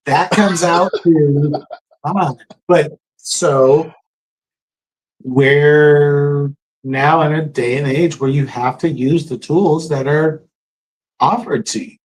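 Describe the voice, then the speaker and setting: A middle-aged man co-hosting a live stream in relaxed, conversational chat, giving shout-outs. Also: on the high side, slow, breathy edge, rough recording. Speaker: live show co-host.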